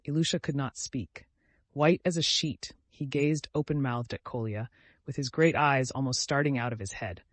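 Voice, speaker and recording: A man narrating a classic novel as an audiobook, in a measured storytelling manner. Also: medium pitch, dry recording.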